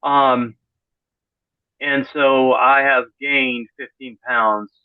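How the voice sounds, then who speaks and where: A middle-aged man speaks as a podcast guest in a loose, conversational way. He often restarts his sentences and drops in deadpan sarcasm. His voice comes through a thin, phone-like line with no room echo. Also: medium pitch. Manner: rambling, self-correcting, dry sarcastic humor. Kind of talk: casual conversational interview. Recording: tinny phone-like call audio.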